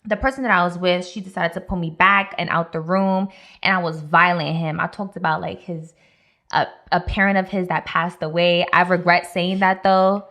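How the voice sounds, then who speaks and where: A young woman in her twenties, a podcast co-host, telling a personal story in casual chat, animated and laughing often. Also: fairly low pitch, normal speed. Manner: animated, voices other people, laughs often.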